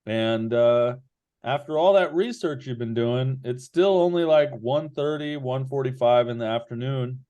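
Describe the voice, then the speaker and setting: A man narrating as game master in an online tabletop game, relaxed and rambling with many fillers. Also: medium pitch, a little slow, muffled recording.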